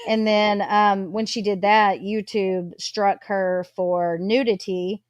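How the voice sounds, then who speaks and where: A woman's voice: medium pitch, flat delivery, slow, dry recording, highs cut off. A woman hosting a live stream, recounting news with many fillers. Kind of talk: casual live-stream recap.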